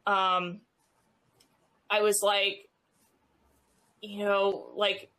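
Thirties woman, podcast guest, chatty and halting, lots of fillers. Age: 30s. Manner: halting, many fillers, rises in pitch when animated. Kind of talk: casual conversational storytelling.

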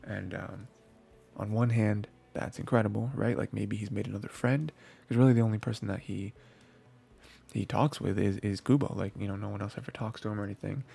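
A man's voice: lowish voice, fairly even intonation, brisk, mellow. A man hosting an anime podcast, recapping episodes in a rambling casual chat with many fillers and restarts. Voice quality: gravelly, husky.

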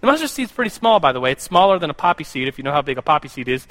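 A man's voice: on the high side, big pitch swings, very fast, a bit bright. A young man speaking casually to a group as a teacher of the Bible, often repeating words and stopping to ask the listeners questions. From United States. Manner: rambling, repeats words, asks the audience questions. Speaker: youth pastor or Bible teacher. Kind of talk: casual sermon to a live group.

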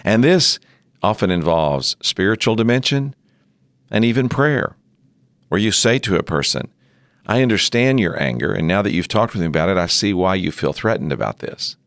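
A middle-aged man giving a measured teaching talk on pastoral care, sometimes acting out sample dialogue. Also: low-pitched, lively intonation, fairly bright tone, no room sound, clean studio sound. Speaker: seminary leader teaching on ministry.

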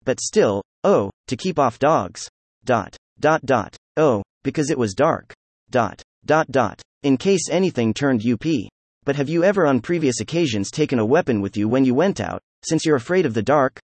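A man's voice: medium pitch, animated, moderate pace, darkish tone, dry recording. A man voicing a proud, hot-tempered young man who speaks in gloomy, defiant outbursts. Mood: exasperated.

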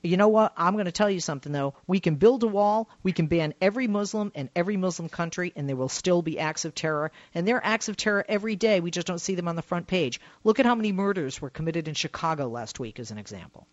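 A man hosting a call-in radio talk show, telling a story with emphatic swings between loud and hushed. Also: sits high, expressive, fast talker, few pauses, no echo. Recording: dull lo-fi radio sound, dry.

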